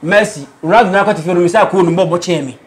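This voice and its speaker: A Ghanaian man with a noticeably high voice talks animatedly in a casual interview. He mixes English phrases into his talk and slips into Patois-style lines. He comes across as an aspiring rapper explaining his views on music. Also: rapid-fire.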